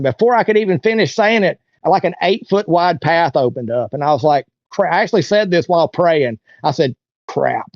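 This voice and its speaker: Animated and a little fast, a man with a voice on the high side is an interview guest telling a casual story. He acts out what people said, and the audio is dull, dry, and lo-fi with no room sound.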